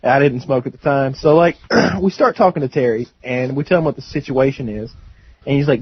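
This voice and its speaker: A man's voice: medium pitch, animated, normal speed, highs cut off, a little hiss or hum. A young man co-hosting a podcast, telling a long rambling story with bursts of laughter. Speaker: podcast co-host. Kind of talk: casual storytelling.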